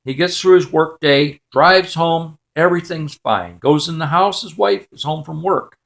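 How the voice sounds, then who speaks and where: A man's voice: a little high, unhurried, gravelly, a bit bright. A man telling a joke as a story in a clipped, matter-of-fact way, often dropping the subject of a sentence.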